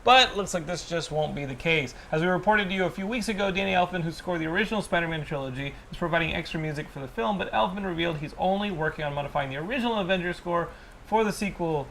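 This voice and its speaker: A man co-hosting a casual panel show, reading news items and cracking quick jokes. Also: sits high, gravelly, fairly bright tone, a little hiss or hum. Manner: joking, quick comebacks.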